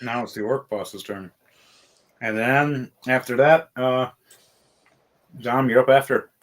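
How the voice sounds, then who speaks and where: A man running a tabletop game as game master, narrating with animated, laughing energy. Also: mid-range voice, slow pace.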